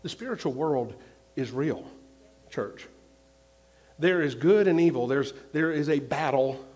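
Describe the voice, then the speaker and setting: A male pastor preaching a sermon, repeating his points and swinging between loud and hushed. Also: on the high side, unhurried.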